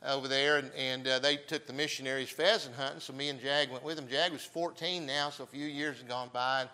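Older man, mid pitch, bright tone; folksy storytelling preacher, peppers with "amen.". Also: steady tone, fairly quick, poor audio. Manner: folksy, chatty, frequent amens.

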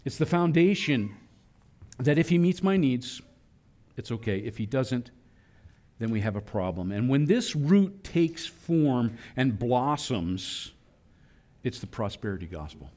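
A man preaching a sermon, animated, acting out voices in quoted lines. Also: medium pitch, a little slow. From Philadelphia area. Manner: animated preaching, voicing God and children in quotes. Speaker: pastor.

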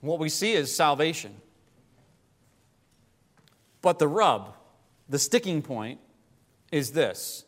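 A man preaching a sermon, rising to impassioned pleas and dropping to quiet, low emphasis. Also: very animated, slow, pauses often. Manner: rises to impassioned pleading, then drops low. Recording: long hall reverb.

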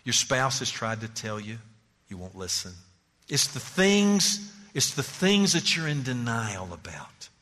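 A male pastor preaching with a lively, swooping delivery and a bright, forceful tone. He presses his points with urgent repetitions, and his voice rolls out into a long church-hall reverb. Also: mid-range voice, unhurried. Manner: animated, pleading, emphatic repetitions. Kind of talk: sermon.

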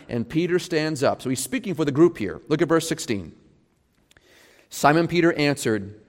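A male pastor preaching a sermon, animated, acting out quoted voices as he goes. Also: a little high, moderate pace. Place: church sanctuary. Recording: long church reverb.

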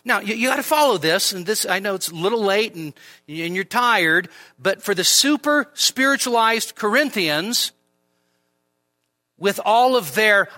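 A male pastor preaching in a bright, high voice that climbs and dips constantly. He explains his text in a chatty, animated way and keeps checking in with rhetorical questions. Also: moderate pace. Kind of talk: sermon. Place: church midweek service.

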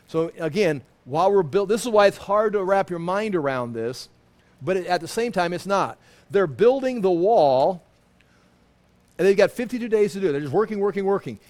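A male pastor delivers a verse-by-verse sermon in an animated, conversational way. His voice sits high for a man, and he often jumps into the voices of the people he describes. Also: moderate pace. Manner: animated, acts out quoted lines.

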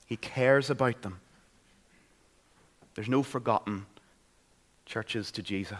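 A man's voice: fairly low pitch, takes it slowly, pauses often. A man with a Northern Irish accent preaching a sermon in a church, in an earnest, conversational way. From Northern Ireland. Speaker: pastor.

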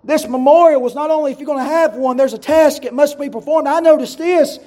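A man preaching a sermon in a church, shouting in rising, chanted cadences. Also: very high-pitched, brisk. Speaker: pastor. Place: church sanctuary. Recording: roomy church sound from a distant mic.

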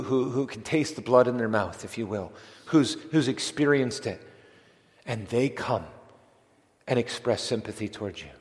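A man's voice: mid-range voice, darkish tone. A man preaching a sermon, earnest and emphatic, often restarting phrases as he builds intensity. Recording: long reverb of a large hall.

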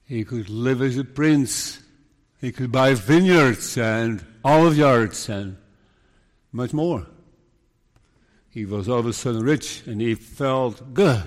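A man preaching a sermon, telling a Bible story in an earnest, measured way and pleading with his listeners. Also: medium pitch. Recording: long reverb of a large hall.

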